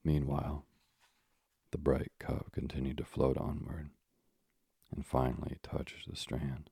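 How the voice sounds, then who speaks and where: Very deep, gravelly sleep-story narrator, a man. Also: dry recording. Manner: calm, measured, hushed reading. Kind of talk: slow, soothing sleep-story reading.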